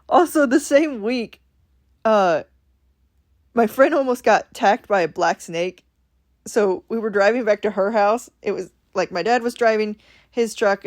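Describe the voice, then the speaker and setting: A woman from Ohio casually telling a story from her week, animatedly acting out what people said. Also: mid-range voice. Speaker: vlogger.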